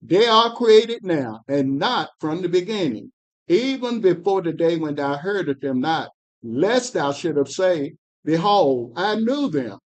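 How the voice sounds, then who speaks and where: A man reading scripture aloud in a Bible class, slow and emphatic, pushing up on key words. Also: on the high side, sing-song.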